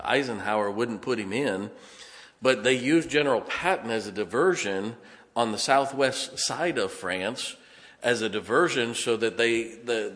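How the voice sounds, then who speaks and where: A man's voice: mid-range voice, fairly bright tone. A man preaching a sermon, telling stories in a folksy way and often correcting himself mid-sentence. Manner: folksy storytelling, self-correcting. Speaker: pastor. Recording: long hall reverb.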